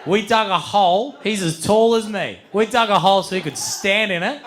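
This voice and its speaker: A man telling a long story on stage as a stand-up comedian, swearing freely and getting animated. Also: sits high, moderate pace. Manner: animated, swearing, building to shouts.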